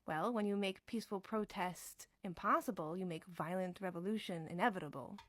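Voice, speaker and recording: A woman's voice: lowish voice, brisk, no room sound. A woman giving tongue-in-cheek film commentary in a wry, playful and emphatic way.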